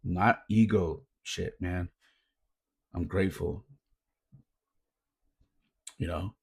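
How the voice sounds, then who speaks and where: A man with a low, gravelly voice tells stories in an easygoing, heartfelt way. His tone is husky, and he slips "man" into his sentences. He sounds like a youth coach hosting his own podcast. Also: steady tone, extremely slow, a little mellow. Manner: laid-back, says "man" often, earnest. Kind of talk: casual reflective storytelling.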